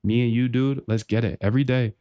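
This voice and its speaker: A man hosting a trading live stream, delivering a hyped, pushy sales pitch and calling the listener dude and bro. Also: steady tone, quick pace, dark tone, no room sound, dull audio. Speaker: trading channel host.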